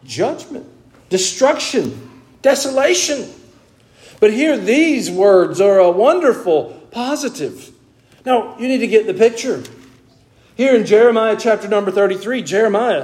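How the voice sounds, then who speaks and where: A Southern US pastor with a somewhat high-pitched voice preaches a sermon to his church. He reads scripture in a slow, measured cadence, then shifts to plainspoken teaching with folksy humor. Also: sing-song, a little mellow. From American South. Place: church before a congregation.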